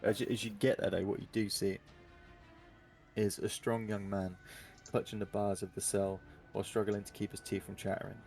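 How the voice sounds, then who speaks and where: A man narrating as dungeon master of a tabletop game, relaxed and descriptive, with frequent ums. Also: lowish voice, normal speed, faint music behind.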